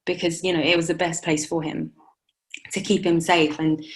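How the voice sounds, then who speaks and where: Halting young woman telling her story. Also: low voice, level tone. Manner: halting, many restarts and fillers. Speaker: interview guest, new mother. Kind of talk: emotional personal interview.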